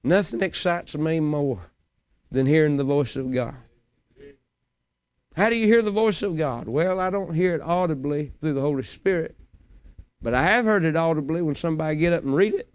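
A man preaching a sermon in a folksy way, swinging from low murmurs to high, loud cries. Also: expressive, normal speed, clean tone, dry recording. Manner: folksy, colloquial phrasing.

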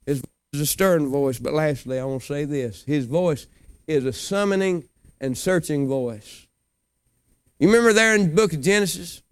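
A man preaching a sermon in a folksy way, swinging from low murmurs to high, loud cries. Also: clear, resonant tone, dry recording. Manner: folksy, colloquial phrasing.

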